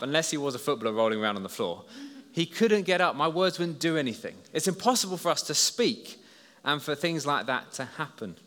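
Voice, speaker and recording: A man preaching a lively story sermon to a congregation, addressing them directly and drawing them into the scene. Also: a little high, moderate pace. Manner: lively, storytelling, talks to listeners as "you". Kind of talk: children's talk sermon. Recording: long hall reverb.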